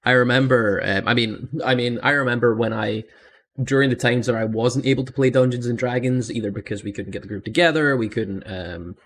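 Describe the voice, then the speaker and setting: A man's voice: mid-range voice, brisk, fairly bright tone. A young man hosting a casual podcast chat, rambling enthusiastically with lots of "I mean" asides. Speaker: host and dungeon master.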